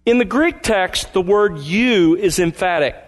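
A pastor with a fairly high voice and lively intonation preaches a sermon, explaining a passage with emphasis. He slows down and leans on key words.

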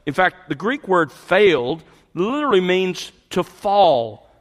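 Middle-aged guy preaching, kinda high voice, long echo like a big church. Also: very animated, unhurried. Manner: expository preaching with rising emphatic peaks. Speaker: pastor. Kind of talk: sermon. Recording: long hall reverb.

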